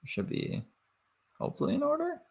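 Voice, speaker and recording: A man's voice: very high-pitched, wildly swooping pitch, a little fast, vocal fry, a little mellow. A man from Canada giving casual reaction commentary, swearing and laughing between remarks. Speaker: reaction streamer.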